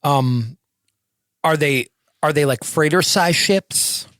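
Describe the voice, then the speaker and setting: A man's voice: a little high, takes it slowly, a bit bright, no room sound, studio quality. A man playing a tabletop game, asking questions and stating his moves. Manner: questioning, casual. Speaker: player.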